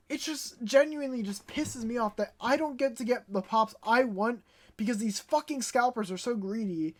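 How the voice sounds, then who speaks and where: A young woman vlogging in a casual, animated storytelling way, stuttering when she gets worked up. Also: on the high side. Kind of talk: casual ranting vlog.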